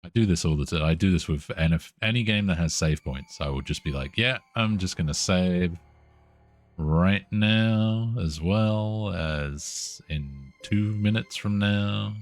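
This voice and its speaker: Very deep-voiced man streaming a game. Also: moderate pace, few pauses, faint music behind. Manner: reads game text aloud, swears, jokes. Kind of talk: live game-stream commentary.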